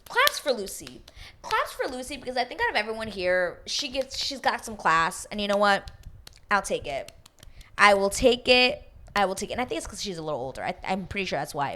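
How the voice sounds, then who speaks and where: A woman hosting a reality TV recap, chatting casually in a gossipy, animated way, swearing freely and acting out what the cast members said. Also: lowish voice. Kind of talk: casual chat.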